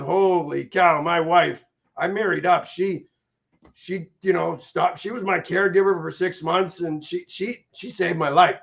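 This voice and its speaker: Brief: middle-aged man, high-pitched and gravelly, energetic restart-heavy testimony, dull lo-fi sound. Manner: energetic, repetitive restarts, emphatic. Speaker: interviewee, stroke survivor. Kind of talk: emotional personal testimony. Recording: dull lo-fi recording.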